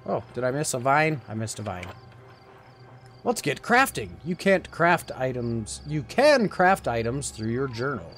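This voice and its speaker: A man's voice: medium pitch, sing-song, a little slow, fairly bright tone, soft background music. Playful man narrating a game. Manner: chatty, reads game text aloud, playful. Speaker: gaming video host. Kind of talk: let's play commentary.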